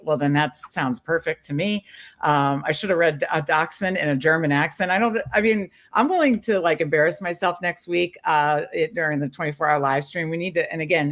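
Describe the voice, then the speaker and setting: A woman co-hosting a live stream, chatting casually and upbeat with many fillers. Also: low-pitched. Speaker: podcast co-host.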